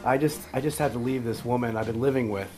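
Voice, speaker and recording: A man's voice: medium pitch, quick pace, mellow, soft background music. Eager, playful male co-host. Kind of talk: scripted banter.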